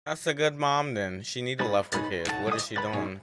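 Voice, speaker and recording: A man's voice: fairly low pitch, normal speed, over music. A young man hosting a casual reaction video, chatting animatedly about what he watches. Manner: animated, chatty, breaks into laughs.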